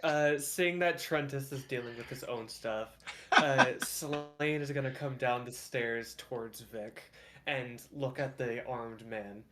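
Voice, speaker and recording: A man at an ordinary male pitch, playing a tabletop game over a voice call. His remarks come dry and matter-of-fact, picked up by a home microphone. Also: a little slow, sharp tone. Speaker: player.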